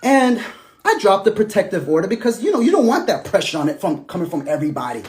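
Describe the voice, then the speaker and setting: A man speaks in a casual, emphatic monologue. His voice sits slightly high and swings through a wide, lively range. He is forceful at times and quiet and low at others. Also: quick pace. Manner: animated and emphatic, sinking to soft, low tones when recounting. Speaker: estranged husband telling his side.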